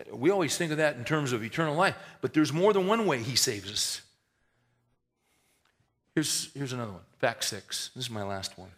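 A man preaching a sermon in a folksy, conversational way, rising to emphatic swells and dropping to hushed prayer. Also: fairly high pitch, normal speed. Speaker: pastor.

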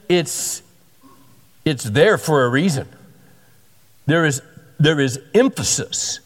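A man's voice: fairly high pitch, expressive, slow pace, long pauses. A man preaching a sermon as a pastor, conversational and emphatic, often repeating himself for stress. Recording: long hall reverb.

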